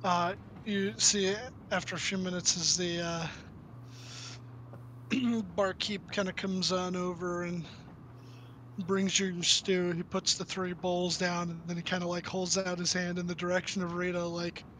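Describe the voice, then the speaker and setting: A man runs a Western tabletop game in a high, bright voice. He talks loosely, with many fillers. A faint noise sits under the recording. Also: little pitch movement, a little slow. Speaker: game master.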